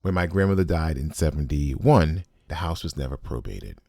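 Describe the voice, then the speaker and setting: A man with a very low, deep voice tells a personal story as a podcast host. He speaks bluntly and emphatically and swears freely. The recording is dry and close, with no room sound. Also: animated, moderate pace, a little mellow, no echo.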